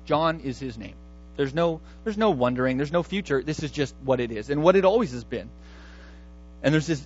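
A man's voice: mid-range voice, dull audio. A man preaching a sermon in a conversational, emphatic way, often restarting his words. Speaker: pastor.

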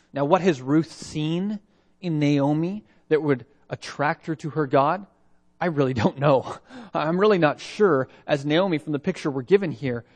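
A man preaching a sermon from Canada, reading scripture aloud and asking reflective rhetorical questions. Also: a little high. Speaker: pastor.

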